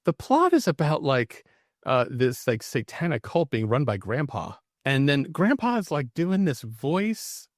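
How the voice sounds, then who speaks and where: A man's voice: on the high side, unhurried, dry recording, studio quality. A man co-hosting a podcast, chatting casually and laughing about a bad horror movie. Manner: lively, laughing, animated storytelling. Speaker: podcast co-host. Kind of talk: casual movie review chat.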